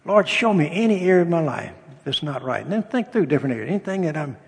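A man's voice: on the high side, animated, quick pace, vocal fry, slightly rough. An older man, a pastor, preaching a sermon in a folksy storytelling way, with humor and acted-out dialogue. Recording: long reverb of a hall.

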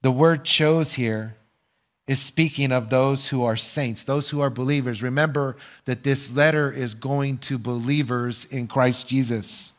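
A man's voice: medium pitch, steady tone. Older male pastor preaching earnestly. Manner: earnest preaching with rhetorical questions and pauses. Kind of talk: sermon.

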